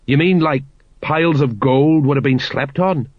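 A man's voice: medium pitch, normal speed, dry recording, natural voice. A man voicing a dim, jovial older watch sergeant with a knowing, self-satisfied manner, on a dry, slightly dull recording.

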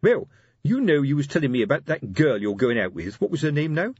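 A man's voice: on the high side, very animated, brisk, a little mellow, breathy edge, no room sound, highs cut off, pitched above the performer's own voice. A man voicing a pompous, lecturing middle-aged police sergeant who talks in a fussy, hesitant way.

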